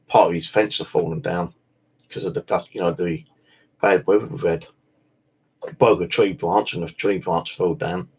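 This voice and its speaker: Low gravelly man, rambling. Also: darkish tone. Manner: meandering, full of "you know" and "like", swears casually. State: tired. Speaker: bushcraft vlogger. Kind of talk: casual rambling chat.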